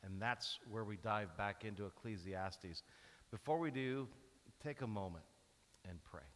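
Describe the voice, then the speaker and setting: A man's voice: fairly low pitch, a little slow. A man preaching a sermon as pastor, telling stories and acting out the cheers and groans of a sports fan. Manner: animated storytelling, acts out cheering and groaning. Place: large church hall. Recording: hall reverb from a church.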